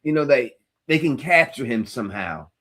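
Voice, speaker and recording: A man's voice: mid-range voice, big pitch swings, moderate pace, fairly bright tone. A man in a casual recap chat, earnestly spinning theories and repeating words as he thinks.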